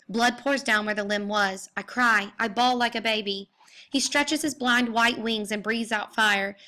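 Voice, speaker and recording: Bright-voiced woman reading dramatic narration. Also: medium pitch. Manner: intense, rising to anguished cries at moments of pain. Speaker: audiobook reader. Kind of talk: dramatic first-person narration.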